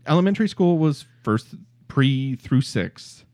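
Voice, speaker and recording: A man's voice: mid-range voice, animated, a little slow, dark tone. A man in his forties from Michigan, hosting a casual podcast chat, joking and laughing often. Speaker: podcast host.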